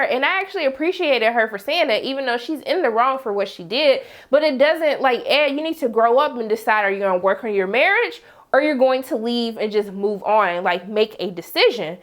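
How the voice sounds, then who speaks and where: A woman chatting casually as she recaps a TV episode, slangy and animated, acting out her own reactions. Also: on the high side, brisk. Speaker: TV review vlogger.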